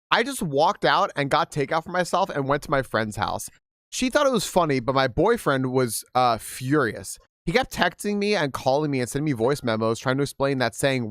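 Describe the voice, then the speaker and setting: A man's voice: a little high, expressive, moderate pace, a bit bright, no echo, studio quality. A male game streamer chatting casually and reading stories aloud to his viewers, candid and profane, with laughing asides.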